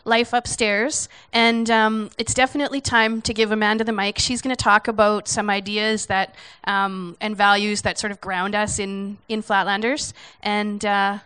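Brief: woman host, bright and smooth, easygoing handoff to the next speaker. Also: medium pitch, little pitch movement, moderate pace, few pauses. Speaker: service host. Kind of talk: casual introductions.

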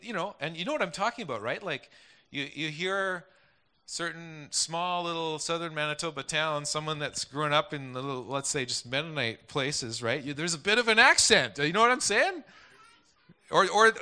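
A man's voice: fairly high pitch, normal speed, pushed and bright. A man preaching a conversational sermon, rambling with many restarts and asides. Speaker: pastor.

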